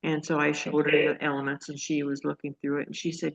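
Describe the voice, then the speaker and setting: A woman telling her own story in a casual, halting way, full of restarts and fillers, earnest and excited. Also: low-pitched, gravelly. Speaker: guest sharing a healing testimony. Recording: dull lo-fi audio.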